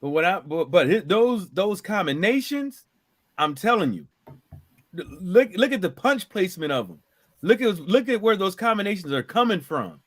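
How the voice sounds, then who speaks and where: A man with a high voice argues his points on a casual boxing panel. He is emphatic and insistent, and keeps checking that he is understood. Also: very animated, moderate pace, a bit bright. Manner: emphatic, insistent, keeps saying "you know what I'm saying". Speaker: panel guest.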